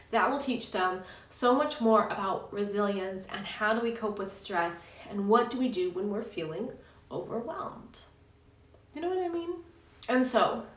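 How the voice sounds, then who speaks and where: A woman in her thirties, a parenting coach, telling a personal story in an earnest, chatty way and checking in with "right?". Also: mid-range voice. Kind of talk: casual advice talk to camera. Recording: roomy echo, slightly distant mic.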